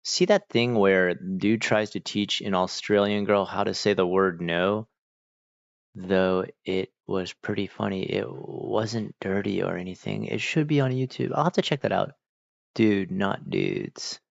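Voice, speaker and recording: A man's voice: fairly low pitch, measured pace, vocal fry, no echo. A man chatting casually on a livestream, answering chat in a rambling, hesitant way with many fillers and restarts. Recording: dull lo-fi dry mic.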